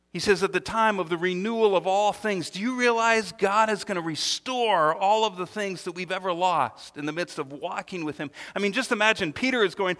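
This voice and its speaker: A man preaching in a church, his voice high and bright with a forward edge. He talks in an animated way, stumbles and repeats words, and acts out the people he quotes. A long hall reverb trails after his phrases. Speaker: pastor. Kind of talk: sermon.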